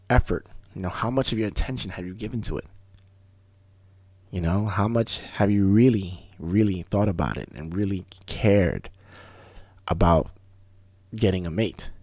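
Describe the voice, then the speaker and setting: A man hosting a talk radio show, telling stories in a casual, animated way, often restarting words. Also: deep voice, dry recording. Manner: animated storyteller, fast bursts, repeats and restarts words. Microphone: studio microphone.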